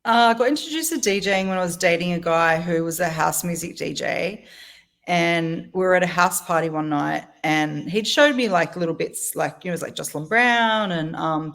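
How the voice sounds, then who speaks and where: A middle-aged woman with an Australian accent chats casually as a guest, her voice sitting a little low. She tells lively stories, laughs easily and acts out quotes. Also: creaky. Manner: chatty storyteller, laughs often, acts out quotes. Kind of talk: casual chat.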